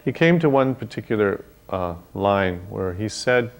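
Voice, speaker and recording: Low-voiced older man, hesitant memories. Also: expressive, unhurried. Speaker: devotee sharing memories. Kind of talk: reminiscing interview.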